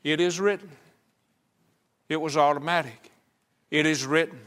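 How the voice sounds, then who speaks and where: A man's voice: fairly high pitch, measured pace, fairly bright tone. A man preaching a conversational sermon at a church service, acting out the voices he quotes.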